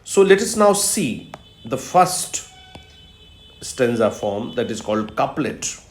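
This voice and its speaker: Male professor, unhurried lecture, repeats key terms, echoey room. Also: medium pitch, very animated, soft background music. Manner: explains step by step, repeats key terms, frequent "uh" fillers. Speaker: professor of literature. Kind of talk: recorded video lecture. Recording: roomy echo.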